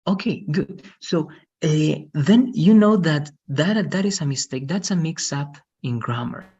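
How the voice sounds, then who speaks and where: A man's voice: a little high, animated, a little slow, darkish tone, husky, dull audio. A man teaching an online English lesson, patiently explaining and often checking with "right?". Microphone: video call.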